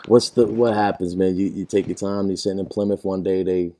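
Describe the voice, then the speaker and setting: A man hosting a podcast, asking calm short questions and backing the guest with mm-hmms. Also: sits low, a little fast. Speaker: podcast host. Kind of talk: casual interview questions.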